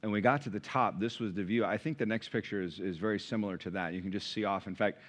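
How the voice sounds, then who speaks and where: A middle-aged man preaching a sermon as pastor, conversational and animated, with sudden high bursts. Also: fast talker. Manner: animated, conversational, sings hymn lines.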